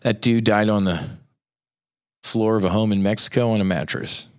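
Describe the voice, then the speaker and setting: In a clean, fairly low voice with fairly even intonation and normal speed, a middle-aged podcast host from the United States launches into an impassioned monologue that's blunt and full of profanity.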